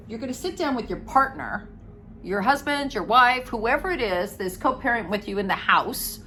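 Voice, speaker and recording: Animated woman giving blunt recovery advice. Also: a little high, slight background noise. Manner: emphatic, animated, acts out quoted family members. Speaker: codependency recovery coach. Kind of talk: direct-to-camera advice talk.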